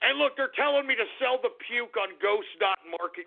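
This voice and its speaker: A man's voice: extremely high pitch, expressive, brisk, vocal fry. A man hosting a talk radio show, moaning and complaining that he feels sick and weak. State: nauseated and weak. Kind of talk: live talk radio rant. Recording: tinny phone-like radio recording.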